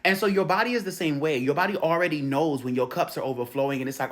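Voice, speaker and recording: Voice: medium pitch, fast. A spiritual healer and coach in a casual, slangy talk, swearing freely and laughing often. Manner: profane, animated and laughing, slangy street talk; tells stories acting out quoted voices.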